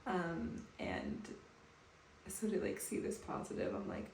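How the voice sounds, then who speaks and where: A woman in her thirties talking softly and calmly to camera in a personal home vlog. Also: medium pitch, measured pace, gravelly. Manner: soft, calm, reflective. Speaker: vlogger. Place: bathroom at home, indoors. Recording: echoey room with faint background noise.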